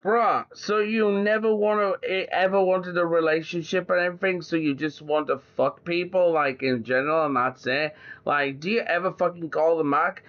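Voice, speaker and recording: A man's voice: on the high side, normal speed. A man in casual chat who rambles, swears, and leans on fillers like "like" and "in general". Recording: slightly muffled lo-fi audio.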